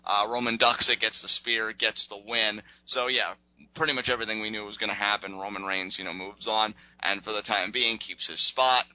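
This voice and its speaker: A man with a very bright, forward voice talks through a wrestling recap in a loose, animated way, now and then acting out lines. The sound is dry and close. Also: lowish voice, normal speed, no echo, poor audio. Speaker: wrestling podcast co-host. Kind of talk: casual recap chat.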